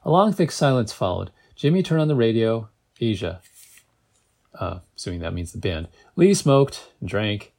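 A man's voice: fairly low pitch, very animated, moderate pace, a little mellow. Amateur reader, man, casual read-aloud with joking asides and stumbles. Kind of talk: reading a novel aloud.

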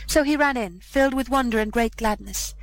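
A woman reading an old fairy tale aloud as narrator, with measured, old-fashioned storytelling. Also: a little high, rough recording.

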